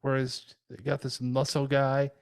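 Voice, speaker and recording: A man in a casual chat, often pausing with ums as he searches for words. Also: medium pitch, completely flat delivery, gravelly, smooth, dry recording. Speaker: podcast guest.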